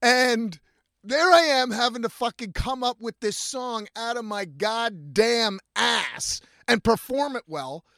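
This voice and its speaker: High-pitched male storyteller, cusses freely, animated, acts out every quote. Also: slow, no echo, studio quality. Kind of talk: profane casual storytelling.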